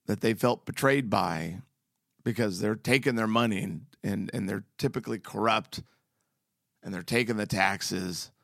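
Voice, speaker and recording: A man's voice: mid-range voice, creaky, dry recording, studio quality. A man giving a casual, earnest devotional talk as a preacher, with slangy, emphatic asides.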